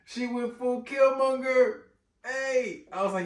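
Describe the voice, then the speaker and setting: A man recapping a movie in casual chat, animated and slangy, often exclaiming. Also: high-pitched, moderate pace. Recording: roomy echo, distant mic.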